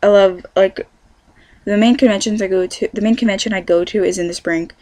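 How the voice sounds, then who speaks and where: A woman's voice: mid-range voice, fairly even intonation, fairly quick, dark tone, no echo. A teenage girl from California, chatting casually through a question-and-answer vlog, rambling with lots of ums. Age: teens. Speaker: vlogger.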